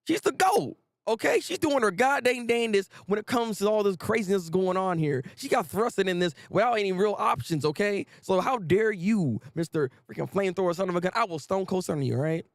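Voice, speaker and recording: Excitable man with a lively, high voice. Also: brisk, dry recording. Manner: excitable, exclamatory, slangy rants. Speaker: manga reaction streamer. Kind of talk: live reaction stream.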